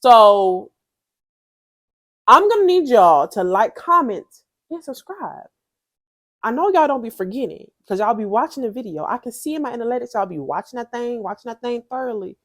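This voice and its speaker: A woman's voice: a little high, sing-song, moderate pace. A young woman giving a blunt, profane, slangy review of a reality show in a casual vlog.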